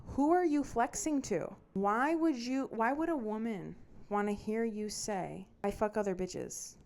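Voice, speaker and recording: A young adult woman hosting a solo podcast, talking in a casual, animated way and swearing freely as she rants. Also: medium pitch. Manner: animated, swearing, rant-like storytelling. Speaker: podcast host.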